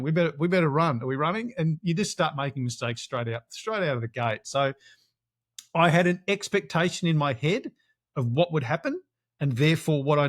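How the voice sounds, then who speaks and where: A man's voice: on the high side, dry recording. Man telling an adventure story, dry sound. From Australia. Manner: animated, acts out quoted dialogue. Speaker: interview guest, adventure racer. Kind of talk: storytelling in a casual interview.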